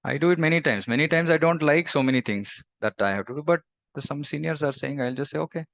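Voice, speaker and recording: Gravelly-voiced man giving an emphatic lecture. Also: on the high side, fast, fairly bright tone, no room sound. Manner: emphatic, repeats for stress. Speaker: spiritual teacher. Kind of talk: scripture lecture. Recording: dull lo-fi recording.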